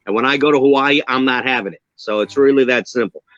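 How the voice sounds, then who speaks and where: A man with a New York accent, a drummer being interviewed on a video call, talking in an animated, emphatic, joking way. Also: medium pitch, fast talker, dry recording, lo-fi sound. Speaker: guest drummer. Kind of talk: casual interview chat.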